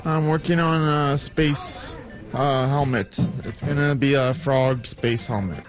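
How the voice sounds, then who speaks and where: Man, mid pitch, shy and halting, faint music under. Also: fairly even intonation. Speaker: community center participant. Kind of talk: casual interview.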